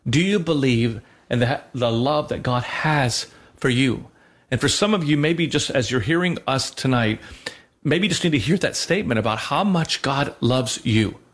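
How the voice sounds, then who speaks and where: A man co-hosting a Christian show, speaking earnestly in a halting way, often restarting as he teaches and tells a personal story. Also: medium pitch, lively intonation, fairly bright tone. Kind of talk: faith talk with personal storytelling.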